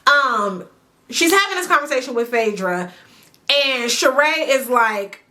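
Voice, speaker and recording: Bright, high-pitched chatty woman. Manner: animated, chatty, drawn-out emphasis, addresses the viewer directly. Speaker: reality TV recap host. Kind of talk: casual commentary to camera. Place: indoors at home near a sunny window.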